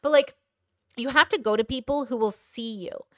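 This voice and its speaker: A woman's voice: a little high, moderate pace, dry recording, clean studio sound. A woman hosting a casual commentary, talking bluntly and emphatically, swearing freely and acting out other people's quoted lines. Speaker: commentary host.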